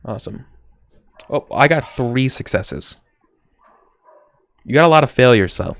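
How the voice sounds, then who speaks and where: A man's voice: mid-range voice, animated, gravelly, a little hiss or hum. A man running a tabletop game as game master, talking casually with frequent self-corrections. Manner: casual, rambling, quick apologies and self-corrections.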